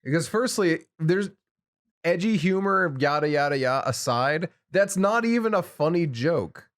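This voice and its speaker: Man, podcast co-host, casual chat, blunt and incredulous, slightly high voice. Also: lively intonation, normal speed.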